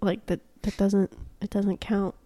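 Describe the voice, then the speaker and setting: A young woman chatting casually as a podcast co-host, telling stories with lively acted-out quotes. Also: medium pitch, a little slow, dry recording, clean studio sound. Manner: animated storyteller, acts out quotes. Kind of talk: casual chat.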